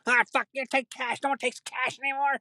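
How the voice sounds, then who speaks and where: A man doing a grumpy old person who rants and swears in indignation. The voice is pushed high and sits dry and close to the mic. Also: flat delivery, a little fast, pushed and bright, no room sound, heavily acted. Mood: cranky ranting. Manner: indignant, cursing. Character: cranky old person ranting about payments.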